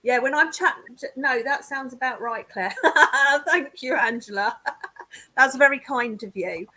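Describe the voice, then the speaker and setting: A woman's voice: high-pitched, unhurried, bright, forceful tone. An English woman on a casual video chat, chatty and teasing, laughing often. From England. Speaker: guest clairvoyant.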